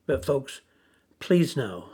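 Slow, husky-voiced man preaching. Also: mid-range voice, sing-song, dark tone. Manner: slow, deliberate, repeats phrases for emphasis. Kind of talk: sermon.

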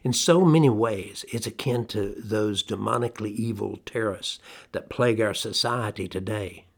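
A middle-aged man preaching a sermon, emphatic and deliberate, slowing down to stress key phrases. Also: fairly low pitch, gravelly, breathy edge.

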